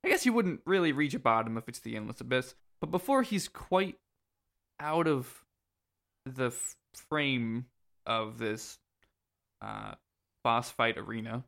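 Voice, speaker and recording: A man with a medium-pitched, slightly bright voice and some vocal fry co-hosts a casual podcast recapping a game. He's laid-back, tells crude jokes, and says "um" a lot.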